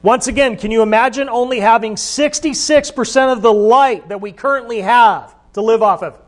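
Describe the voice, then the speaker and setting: A man's voice: very high voice, moderate pace. A man preaching a sermon, talking in a conversational way and asking the listeners questions. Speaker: pastor.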